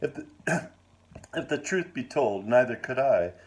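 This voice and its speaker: A man reading his own first-person story aloud in a measured, wry and formal manner. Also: medium pitch, lively intonation.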